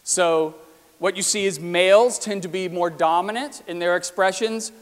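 A man's voice: sits high, normal speed. A man presenting a talk with slides, explaining ideas and asking his listeners many rhetorical questions. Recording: long hall reverb.

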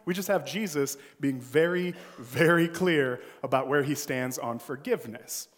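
A man's voice: medium pitch, normal speed. A male pastor preaching a sermon, telling a childhood story with a playful, joking manner. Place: church sanctuary. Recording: long church hall reverb.

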